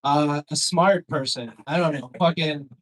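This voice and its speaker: A man's voice: on the high side, unhurried, fairly bright tone, low-quality recording. A young man doing a crude, rambling stand-up set with crowd work on a comedy club stage, on a handheld mic.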